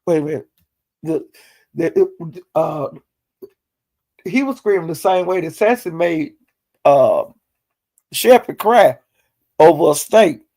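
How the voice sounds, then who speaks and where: A man with a high, gravelly voice tells a gossipy recap of a livestream in loose, slangy talk. He is animated and breaks into laughter often. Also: slow pace, pauses often. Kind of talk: casual storytelling recap.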